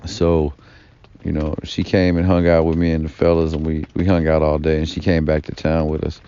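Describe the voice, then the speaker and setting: A man's voice: extremely low pitch, little pitch movement, normal speed, dark tone, clean tone. A man telling a long personal story in a rambling, profane vlog monologue, full of fillers and asides. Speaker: vlogger. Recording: dull lo-fi recording.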